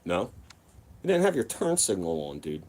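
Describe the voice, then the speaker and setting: A man acting out a stern, brusque male police officer who scolds in clipped, quick lines. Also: low voice, huge pitch swings, a little mellow, full character voice. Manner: curt and scolding.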